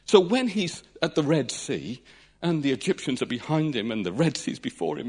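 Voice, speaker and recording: Animated male preacher, lively pitch. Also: fairly quick, slightly rough. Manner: animated, dramatic retelling with acted-out voices. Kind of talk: sermon.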